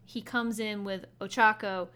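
A woman co-hosting a casual anime recap chat, chatty and quick to laugh. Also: mid-range voice, steady tone, pushed and bright, clean tone. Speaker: podcast co-host.

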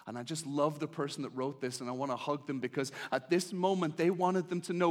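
A high-pitched man delivers an impassioned sermon. He drops to a hush, then climbs to a shout, and he keeps repeating his pleading lines to the congregation. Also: steady tone, a little fast, few pauses. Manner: impassioned, swings from hushed to shouting. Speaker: preacher.

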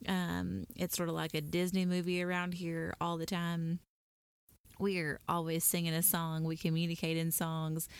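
Lower-voiced woman hosting a podcast. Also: completely flat delivery, normal speed, gravelly, clear, resonant tone, no room sound. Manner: affirming, frequent agreeing murmurs. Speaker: podcast host. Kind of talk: casual conversational interview.

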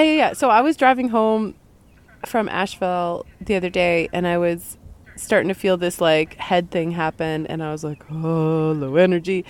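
Giggly rambling young woman with a head cold. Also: on the low side. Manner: giggly, rambling, playful wordplay. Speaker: podcast host. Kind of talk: casual chat.

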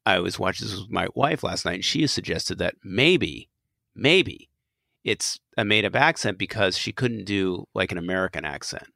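Gravelly, low-voiced man rambling. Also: lively intonation, moderate pace, sharp tone, no room sound, studio quality. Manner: rambling, stammering restarts, laughs a lot. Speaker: podcast co-host. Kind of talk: casual chat.

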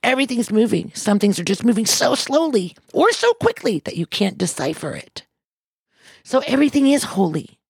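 A woman's voice: fairly low pitch, vocal fry, a little mellow, no echo, clean studio sound. A woman from Missouri giving an impassioned motivational speech, emphatic and repetitive, speaking from the heart. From Missouri, USA.

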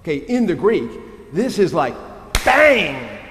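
A man preaching a sermon as a pastor, lively and humorous in a conversational way. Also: fairly high pitch, moderate pace, a little hiss or hum. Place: church. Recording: echoey church hall with long reverb.

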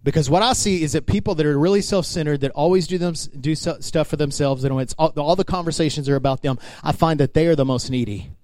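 A man's voice: a little high, quick pace, hardly any pauses, darkish tone, no echo. A male pastor preaching a sermon in an emphatic, conversational way, speaking straight to his congregation.

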